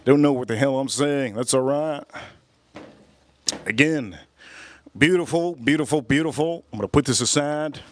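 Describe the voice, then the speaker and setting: A man's voice: medium pitch, moderate pace, long pauses. Rambling man streaming live at the grill. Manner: rambling, repeats phrases, bursts of loud emphasis. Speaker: livestream host. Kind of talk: casual livestream chat while grilling.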